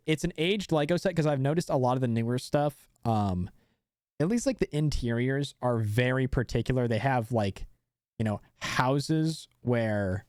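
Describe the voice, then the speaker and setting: A man's voice: medium pitch, a little mellow, no echo, studio quality. A young man streaming live, chatting casually and rambling with many fillers and restarts.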